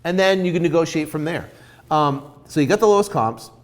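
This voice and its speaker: A man's voice: on the high side, brisk. A man giving informal coaching on real estate deals, acting out both sides of a negotiation. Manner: animated, acts out both sides of a deal.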